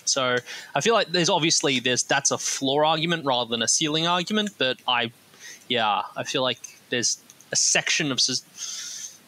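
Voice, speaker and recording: A man's voice: medium pitch, moderate pace, bright, forceful tone, rough recording. An Australian man on a podcast, bluntly arguing his point in casual discussion. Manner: blunt, argues a point plainly. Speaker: podcast co-host.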